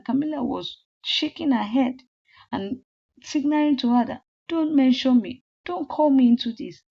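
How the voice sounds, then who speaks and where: A woman with a high voice recounts a movie plot in a loose, repetitive chatty way. Her recording sounds slightly muffled and lo-fi. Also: vocal fry, husky. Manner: breathless, repetitive "then she was like" retelling. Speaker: movie recap storyteller. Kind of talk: casual plot retelling.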